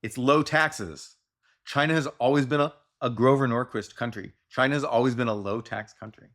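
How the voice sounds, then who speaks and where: A man hosting a podcast, chatting casually with jokes and quick asides, from Texas with a slight Texan accent. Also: mid-range voice, a bit bright. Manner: joking, riffing, quick asides. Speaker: podcast host. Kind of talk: casual chat.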